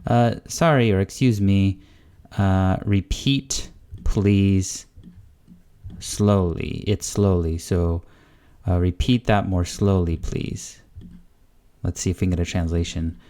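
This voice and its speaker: A young man hosting a casual tutorial, chatty and relaxed, thinking aloud as he clicks through a lesson. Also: sits low, slow. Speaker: language-learning channel host. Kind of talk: casual screen-recorded tutorial.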